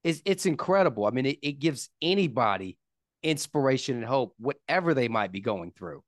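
A man hosting a podcast interview, chiming in with short affirmations and halting restarts. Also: medium pitch, very animated, no echo, studio quality. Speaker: podcast host.

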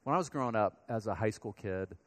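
A pastor from Colorado giving a sermon, speaking to the congregation in a conversational, storytelling way. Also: male voice, lowish voice, lively intonation, brisk. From Colorado, USA.

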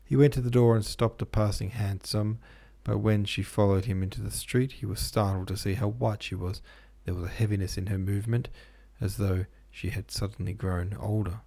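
A man narrating a classic novel as an audiobook host, in a measured, even storytelling manner. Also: fairly low pitch, creaky. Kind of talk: scripted literary narration.

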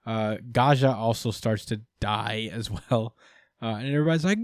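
A man co-hosting a casual manga review podcast, relaxed and full of fillers, recapping with playful quoted voices. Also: lowish voice, moderate pace, dry recording, clean studio sound. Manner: relaxed, many fillers, acts out characters in quotes. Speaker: podcast co-host.

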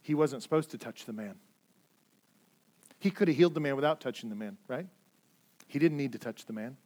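High-voiced earnest preacher man. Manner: earnest, repeats words when stressing a point, swings from loud to quiet. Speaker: pastor. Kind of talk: sermon.

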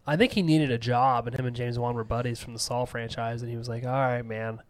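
A man's voice: mid-range voice, fast, no echo. A man hosting a casual movie podcast, joking and jumping between topics. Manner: joking, animated, jumps around. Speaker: podcast host.

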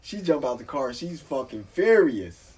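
Animated, profane man telling a story. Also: mid-range voice, measured pace, husky, recorded from a distance. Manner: animated, profane, acts out other people's voices loudly. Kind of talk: casual storytelling.

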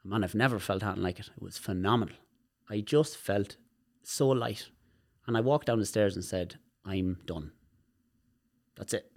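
An Irish man with a low voice tells personal stories on a podcast. He talks in an animated way and swears freely. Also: fairly quick, vocal fry. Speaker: guest, movement specialist. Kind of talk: podcast conversation.

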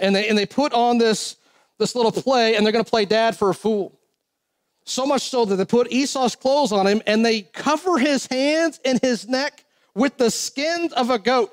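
A man with a high-pitched voice preaching a sermon. He reads old-fashioned scripture verses aloud. Between verses he drops into relaxed, joking asides to the congregation. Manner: casual, joking asides between King James readings.

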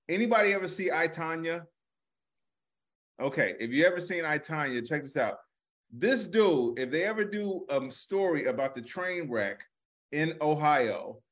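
Jokey male comedian, slightly high voice. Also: fairly bright tone. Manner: jokey, laughs often. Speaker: comedian podcast co-host. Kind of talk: casual comedic chat.

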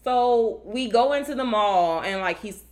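Animated woman telling a dating story. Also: unhurried. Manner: animated, acts out quotes with big pitch jumps. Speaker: podcast co-host. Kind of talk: casual storytelling chat.

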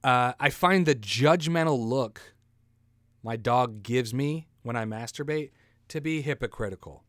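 A man's voice: medium pitch, a little slow, no room sound, studio quality. Rambling crude man hosting a podcast. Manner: rambling, crude, self-mocking, laughs at own jokes. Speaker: podcast host. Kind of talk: casual solo podcast joking.

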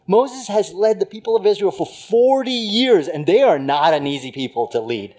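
A male pastor giving a conversational sermon, swinging from loud emphasis to hushed lines. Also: sits high, sing-song, brisk, few pauses.

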